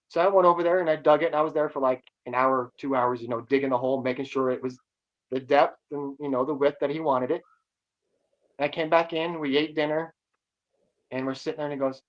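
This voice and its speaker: A man's voice: a little high, brisk. A man guest telling a story in a casual way, acting out the voices of the people in it. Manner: animated, acts out dialogue in raised voices. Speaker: guest, actor and stuntman. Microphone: remote video call. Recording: muffled lo-fi audio.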